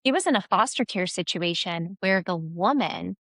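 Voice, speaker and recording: A woman's voice: lowish voice, expressive, normal speed, fairly bright tone, no echo, studio quality. A woman co-hosting a casual book-discussion podcast, reflective and analyzing the characters. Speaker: podcast co-host.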